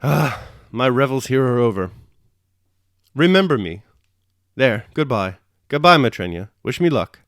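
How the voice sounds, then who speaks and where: A man's voice: medium pitch, very animated, unhurried, long pauses, a bit bright, dry recording, studio quality, voice pushed up. A man reading as a brash young nobleman. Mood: wistful. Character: reckless young male nobleman eloping.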